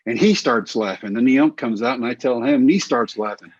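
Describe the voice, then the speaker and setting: Casting note: middle-aged male storyteller, husky voice, dull dry lo-fi sound, animated. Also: mid-range voice, fairly quick, no room sound. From Texas. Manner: animated, acts out quoted voices. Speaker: guest, former baseball pitcher. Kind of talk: casual storytelling interview.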